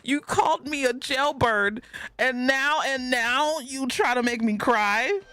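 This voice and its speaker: A woman's voice: sits high, slow, pushed and bright, slight background noise. A woman streaming live and reading chat messages aloud, talking in a casual way and laughing often.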